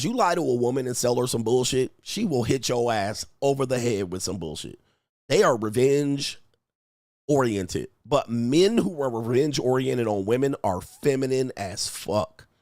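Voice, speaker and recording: A man's voice: medium pitch, lively intonation, measured pace, a little mellow, dry recording, studio quality. A man hosting a livestream as a coach, talking in a brash, mocking, profane way. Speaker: dating and lifestyle coach, livestream host. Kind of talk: unscripted livestream commentary.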